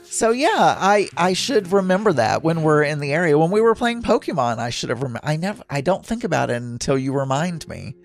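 Chatty, higher-voiced male podcast host. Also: very animated, fairly quick, vocal fry, hardly any pauses, soft background music. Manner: chatty, rambling, laughs easily. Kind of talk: casual solo podcast monologue. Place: home.

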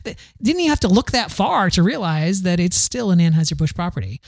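A man's voice: high voice, very animated, fairly quick, gravelly, no room sound, studio quality. A man hosting a podcast, riffing through the news in a casual, sarcastic way, full of fillers and restarts. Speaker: podcast host.

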